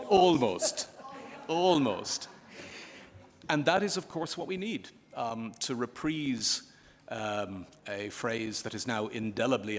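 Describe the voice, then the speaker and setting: A man giving formal closing remarks at a conference, telling a joke in a dry, measured way with pauses. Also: lowish voice, fairly bright tone. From Ireland. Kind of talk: formal closing speech with humor. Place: conference hall. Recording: long hall reverb.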